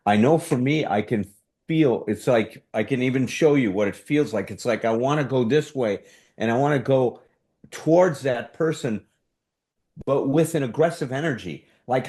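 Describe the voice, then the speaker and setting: A man's voice: mid-range voice, moderate pace, darkish tone. Man leading a relationship workshop. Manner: conversational, acts out examples of defensive speech. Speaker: workshop leader. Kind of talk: teaching a therapy workshop.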